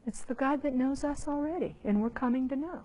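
A woman's voice: sits high, a little fast. A woman teaching a Bible lesson to a group in an informal, conversational way, repeating herself and acting out little asides. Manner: animated, conversational, many restarts and acted asides.

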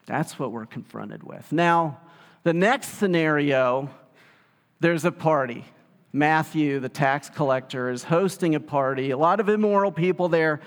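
A man preaching a sermon in an animated way, often acting out the voices of the people he quotes. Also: a little high. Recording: long hall reverb.

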